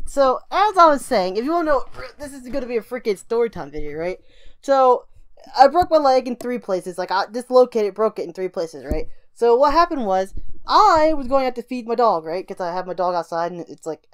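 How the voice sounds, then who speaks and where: Fast-talking young woman rambling a story. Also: medium pitch. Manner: rambling, fast, lots of "right?" and "like". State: recovering from a broken ankle, still in some pain. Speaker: vlogger. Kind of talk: casual story time.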